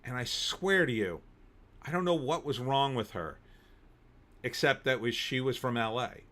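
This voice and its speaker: A middle-aged man, hosting a livestream and telling animated stories between reading chat comments, sometimes bursting into shouting. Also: mid-range voice, measured pace. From New Jersey. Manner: animated storyteller, bursts into shouting when riled. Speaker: host.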